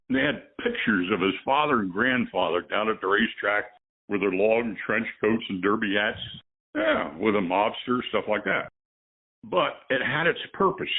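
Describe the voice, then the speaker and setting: Over a tinny phone line, an older man, a veteran truck driver appearing as a guest, tells rambling stories and chuckles through a casual conversation. His voice is low-ish, gravelly and husky.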